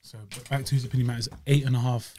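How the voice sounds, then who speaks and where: A man's voice: medium pitch, flat delivery, very fast, mellow. A young man co-hosting a podcast, playful and slangy, jumping in with quips. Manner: playful, slangy, interrupting with bits. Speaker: podcast co-host. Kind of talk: casual chat.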